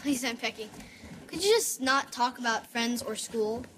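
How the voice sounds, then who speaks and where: A woman's voice: a little high, normal speed, fairly bright tone, a little hiss or hum, close to an everyday voice. An actress playing a moody young teenage girl who talks back with sarcasm. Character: moody young teen girl, junior high.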